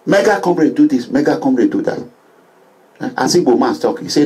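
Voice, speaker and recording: A middle-aged man from Edo State, speaking with a Nigerian English and Pidgin accent, delivers an impassioned political monologue as an activist vlogger. He swings between low pleading and loud declaiming with chanted refrains, speaking fairly quickly with lively intonation on a rough recording.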